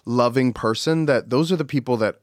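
Male guest, mid-pitched, chatty with deadpan asides, dry studio sound. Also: a little fast, no echo. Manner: chatty, laughs often, drops into quiet deadpan asides. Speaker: podcast guest. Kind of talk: casual comedic chat.

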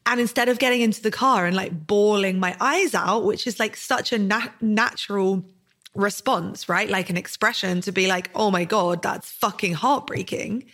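A woman's voice: medium pitch, normal speed, fairly bright tone. A woman in her thirties hosting a podcast, talking in a candid, earnest way about personal memories. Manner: earnest, candid, emotional storytelling. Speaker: podcast host. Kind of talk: podcast conversation.

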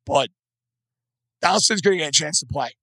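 A man hosting sports talk radio with a hoarse voice, blunt and opinionated. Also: fairly high pitch, animated, brisk, a bit bright, no echo.

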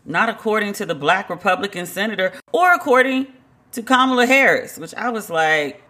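A woman telling a story in a casual monologue, chatty and animated, full of "like" fillers. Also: medium pitch, moderate pace. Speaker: podcast host.

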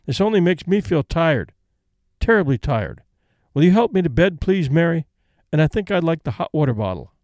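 A man reading as a brisk, stoic old lady. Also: fairly high pitch, very animated, darkish tone, no room sound, clean studio sound. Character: older woman, brisk, stoic, practical invalid.

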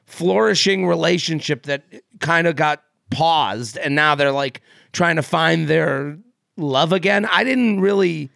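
Unhurried and slightly high, with vocal fry and a bit of brightness, this man's voice comes through at studio quality with no room sound. He co-hosts a casual podcast, rambling with plenty of fillers and restarts and laughing often.

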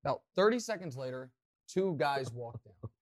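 A man hosting a podcast, telling a rambling, self-mocking story with lots of excitement. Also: medium pitch, moderate pace. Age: adult, past college. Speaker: podcast host. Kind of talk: animated storytelling.

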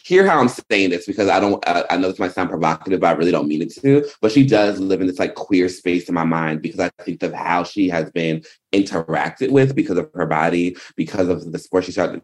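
A man co-hosting a podcast, talking earnestly in a rambling way with many restarts. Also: sits low. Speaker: podcast co-host. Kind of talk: casual podcast chat.

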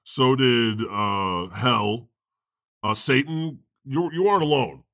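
A man's voice: mid-range voice, slow pace, a bit bright, no echo, studio quality. A man playing God as a goofy, self-mocking podcast host in improvised comedy banter. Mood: joking. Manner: joking, self-deprecating banter.

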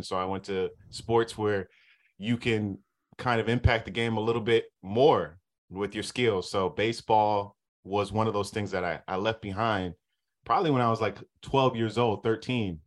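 Easygoing low-voiced man from Southern California. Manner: relaxed, easygoing storytelling. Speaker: sports TV reporter, guest. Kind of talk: casual podcast chat.

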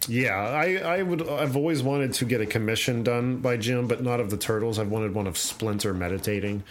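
A man's voice: mid-range voice, normal speed. A male podcast host chatting casually and retelling a comic, acting out the characters as he goes. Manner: animated storyteller, acts out voices.

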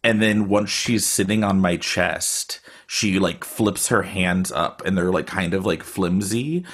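A man's voice: sits low, unhurried, slightly rough. A man telling a story casually over a video call, rambling with lots of filler words. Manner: rambling, filler-heavy, frequent "like". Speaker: guest storyteller.

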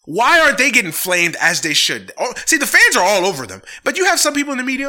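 Male podcast host, foul-mouthed and heated, with a very bright, slightly high voice. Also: wildly swooping pitch, fast talker, hardly any pauses. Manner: profane, heated ranting; sincere, thankful sign-off. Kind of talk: casual sports podcast chat.

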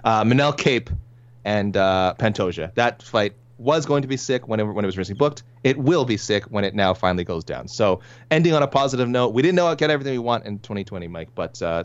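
A man co-hosting a podcast, talking quickly with many restarts. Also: lowish voice, expressive, dry recording. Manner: rapid, stumbling restarts. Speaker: podcast co-host. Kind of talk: casual podcast chat. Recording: dry, dull lo-fi mic.

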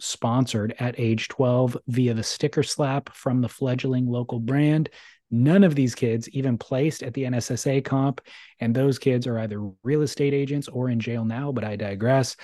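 Podcast co-host, man, wry and joking, mellow voice, dry room sound. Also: mid-range voice, no echo. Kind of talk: casual chat, reading listener mail.

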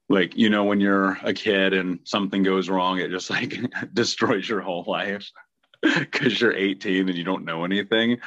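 A man in his thirties hosting a podcast, talking earnestly and heartfelt about his own journey in a reflective monologue. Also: sits low. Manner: earnest, heartfelt, occasional laughs. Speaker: podcast host, trauma healing coach. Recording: muffled lo-fi dry sound.

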